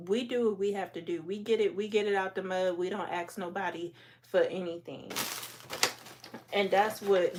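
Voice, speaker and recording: A hoarse woman, talking bluntly and at length while hosting a casual livestream and answering her chat. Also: medium pitch, slight background noise. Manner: talkative, blunt, talks back to chat. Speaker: livestream host.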